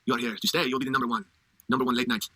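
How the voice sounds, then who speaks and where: A man's voice: mid-range voice, flat delivery, rapid-fire, sharp tone, dry recording. A man doing a sly sneering cartoon devil. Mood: tempting. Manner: smooth, sneering, tempting. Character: sly mocking male devil. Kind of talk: cartoon parody voice.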